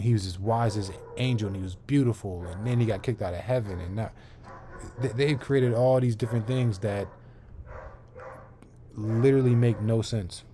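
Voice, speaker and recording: A man's voice: fairly low pitch, dark tone, slight background noise. A man teaching scripture online, reading verses aloud and often checking in with "right?" while restarting his phrases. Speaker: bible teacher.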